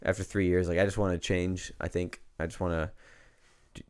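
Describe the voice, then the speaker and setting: A young man co-hosting a podcast, telling a story in a laid-back, slangy way that gets animated. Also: low voice, a little fast, smooth. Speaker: podcast co-host. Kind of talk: casual chat, storytelling. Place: home podcast studio.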